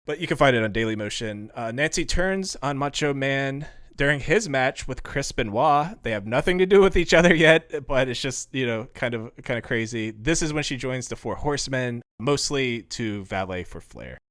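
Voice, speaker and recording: A man's voice: medium pitch, lively intonation, normal speed, hardly any pauses, fairly bright tone, no room sound, studio quality. A man co-hosting a podcast, casually walking through dates and match results and laughing often. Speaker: podcast co-host. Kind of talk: casual podcast chat recounting history.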